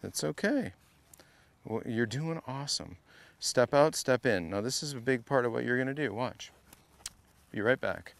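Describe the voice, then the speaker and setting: Gravelly-voiced teasing golf coach, a man. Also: medium pitch, lively intonation, moderate pace, pauses often. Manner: playful, teasing coach who drills short cues. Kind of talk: hands-on golf lesson. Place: golf academy practice area.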